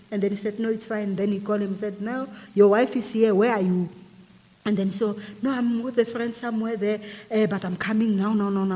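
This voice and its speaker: A woman's voice: mid-range voice, mellow, long reverb tail. A woman guest animatedly retelling a personal story in an interview, acting out the dialogue. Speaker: guest telling her story.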